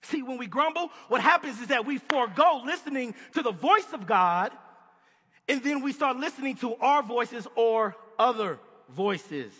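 A man's voice: very high-pitched, animated, normal speed, pushed and bright, slightly rough. A man preaching a sermon in a conversational, emphatic way, putting questions to his listeners. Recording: long hall reverb.

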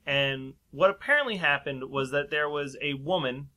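A man with a slightly high, sharp voice tells a long story at a moderate pace in casual conversation. He rambles, laughs often, and acts out the voices of people he quotes.

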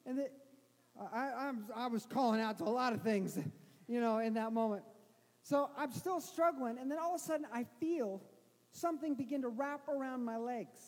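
Middle-aged male pastor, very high voice, comic sermon storytelling, long hall reverb. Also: normal speed. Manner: animated, self-mocking storyteller with restarts.

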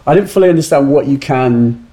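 A man hosting a casual interview, chatty and quick to agree. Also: mid-range voice, lively intonation, mellow. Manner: chatty, with brief backchannel agreement. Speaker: host.

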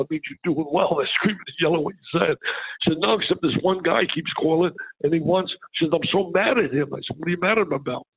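A man's voice: a little high, husky. An older man, a guest in an interview, telling stories animatedly and acting out quoted dialogue. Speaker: guest, basketball broadcaster. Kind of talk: storytelling interview. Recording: tinny phone-like line.

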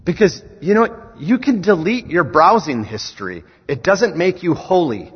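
A man's voice: a little high, very animated, moderate pace, husky. A man preaching a sermon in a church hall, building emphatic rhetorical questions into rallying calls. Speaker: student ministries director preaching. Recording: echoey hall, dull lo-fi sound.

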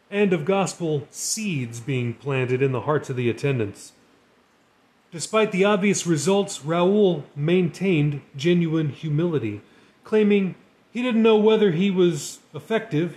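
A man narrating a Christian novel chapter in a steady storytelling reading. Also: on the high side. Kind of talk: live audiobook reading.

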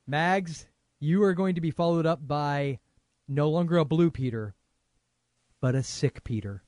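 Podcast co-host guy, kinda high voice, jokey and teasing, dry close mic. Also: darkish tone, no echo. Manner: teasing, playful, quick asides. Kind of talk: casual chat.

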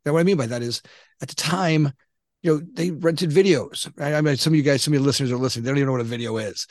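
A man's voice: on the high side, rapid-fire, darkish tone, no echo, studio quality. A man in his fifties, a guest on a podcast interview, telling his story in a rambling way with many restarts and fillers. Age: 50s. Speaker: guest entrepreneur.

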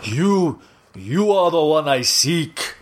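A man's voice: on the high side, big pitch swings, slow, pitched above the performer's own voice. A haughty, boastful hunter villain, voiced by a man reading a comic aloud. He speaks in a lifted, theatrical voice with a heavy sense of honor and a pompous delivery. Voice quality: grandiose, boastful manner. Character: proud, theatrical male big-game hunter villain.

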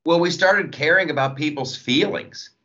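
A man who is a stand-up comedian, talking casually in an interview with a jokey, animated manner and acting out quoted voices. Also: a little high, normal speed. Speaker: comedian guest. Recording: dull lo-fi audio.

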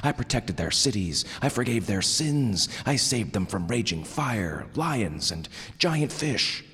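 A man voicing an ancient, fiery, bearded god who rumbles darkly and blusters with wounded pride. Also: very animated, a little slow, fairly bright tone, husky, in a large hall, full character voice. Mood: indignant. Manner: rumbling, indignant.

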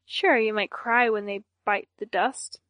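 A woman voicing an emotionless young woman villain in an audiobook, speaking in a flat monotone. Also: mid-range voice, measured pace, dry recording, close to an everyday voice. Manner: monotone, deadpan delivery. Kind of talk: audiobook character voice.

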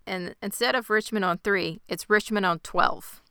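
Smooth, bright woman in a dry room. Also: mid-range voice, normal speed, no echo. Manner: chatty scene-by-scene summary, laughs along. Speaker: podcast co-host recapping a TV episode. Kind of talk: casual chat.

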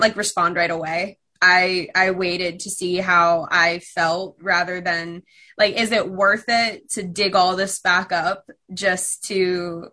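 A young woman speaks as a guest, thinking out loud with hesitant pauses and fillers. Her voice sounds bright and clear. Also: mid-range voice. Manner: reflective, hesitant, with many fillers. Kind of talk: casual chat.

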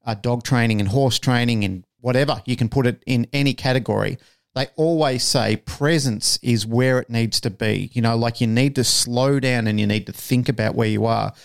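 Gravelly man telling a story. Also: mid-range voice, normal speed. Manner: animated, swears freely, acts out quoted lines. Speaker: podcast co-host. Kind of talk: casual storytelling.

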